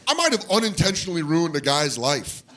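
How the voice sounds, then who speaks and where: A stand-up comedian with a slightly high voice and brisk delivery tells a story on a comedy club stage. He acts out the voices of its characters in an animated way, and the live recording carries audience laughter and noise.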